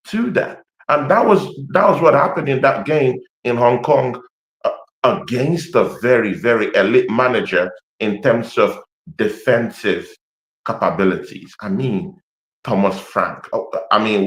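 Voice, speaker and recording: A man with an African accent talking passionately about football on a podcast, full of fillers and repeats. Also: medium pitch. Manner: passionate, repetitive, hesitant with lots of fillers. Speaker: Arsenal fan pundit. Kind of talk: animated football podcast chat. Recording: roomy echo.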